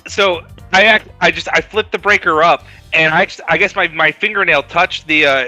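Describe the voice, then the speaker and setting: A man's voice: on the high side, normal speed, pushed and bright, no room sound, faint music behind. A man on a casual podcast, telling stories in a profane, rambling way. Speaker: co-host.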